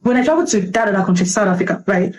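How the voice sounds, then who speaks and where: A woman's voice: mid-range voice, expressive, very fast, a little mellow, a little hiss or hum, rough recording. A young Nigerian woman with a Nigerian accent, giving a passionate, emphatic commentary that pleads urgently with her listeners.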